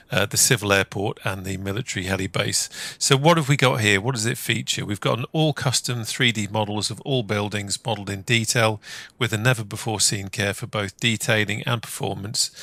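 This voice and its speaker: A man hosting a flight simulator video, chatting in a relaxed, casual way and filling gaps with "uh". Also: on the low side, vocal fry, dry recording. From England. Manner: relaxed, chatty, lots of "uh" fillers. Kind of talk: casual gameplay commentary.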